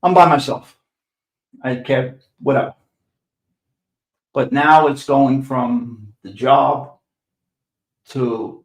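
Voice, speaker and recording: Older New York man, podcast host, blunt and profane, mid-pitched voice, roomy echo. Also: steady tone, takes it slowly, long pauses. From New York City. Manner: blunt, profane, sarcastic, repeats himself. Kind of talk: profane storytelling monologue. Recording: echoey room.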